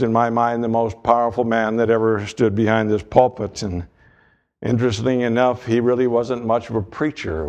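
A male pastor preaching a sermon in a measured delivery, mixing scripture with folksy humor. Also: medium pitch, darkish tone.

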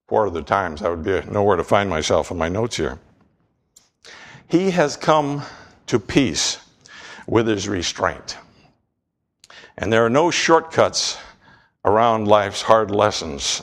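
A man preaching a sermon in a church, telling a story with lively asides and often clearing his throat. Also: fairly low pitch. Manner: storytelling, animated, acts out voices and sounds. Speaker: pastor. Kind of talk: sermon with object lesson.

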